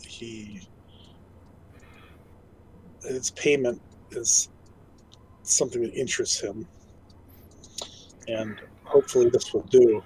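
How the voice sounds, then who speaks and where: A man's voice: mid-range voice, steady tone, slow, long pauses, dark tone, a little hiss or hum, poor audio. A man playing a tabletop role-playing game, speaking in an easygoing, hesitant way with ums and repeated words. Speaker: player. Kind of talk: casual tabletop play.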